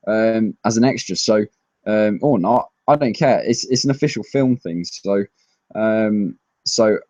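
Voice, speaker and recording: Young male streamer, low-ish voice, eager rambling fan talk, dry close sound. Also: no echo. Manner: excitable, rambling fan chatter. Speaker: streamer answering viewer questions. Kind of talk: casual live-stream Q&A. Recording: dry, slightly dull lo-fi mic.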